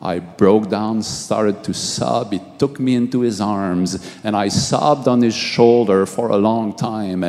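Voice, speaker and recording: A middle-aged man, a pastor, giving a halting testimony sermon, repeating words and swinging from hushed to raised. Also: fairly low pitch. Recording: long hall reverb.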